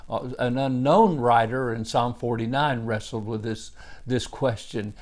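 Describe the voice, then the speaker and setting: A man giving a daily Bible devotion as a pastor, with a middle-pitched voice. He talks earnestly and unhurriedly, and leans hard into single words for emphasis. Small "uh" fillers run through his teaching. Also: measured pace, darkish tone.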